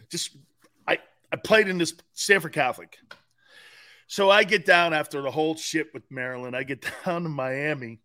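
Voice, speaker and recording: A middle-aged man co-hosting a sports talk show, telling stories in a loose, profane way and often breaking into laughter. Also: fairly high pitch. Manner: profane, laughing, animated retelling. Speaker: sports radio co-host. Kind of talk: casual storytelling chat.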